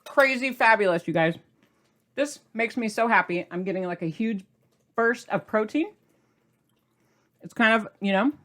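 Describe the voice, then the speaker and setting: A middle-aged woman hosts a cooking video, chatting casually in a gushing, bubbly way and sometimes talking while she eats. Her voice is medium-pitched and a bit bright.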